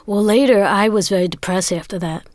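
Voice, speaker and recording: A woman telling a personal story as an interview guest, animated and stammering into repeats. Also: medium pitch, a little fast, dry recording, clean studio sound. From Brooklyn, New York. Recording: music playing underneath.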